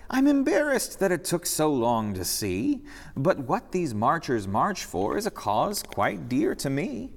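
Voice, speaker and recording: A man voicing an eager adult woman clown in a rhyming story, with an excited sing-song delivery, in a reverberant church hall. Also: fairly high pitch, unhurried, creaky, full character voice.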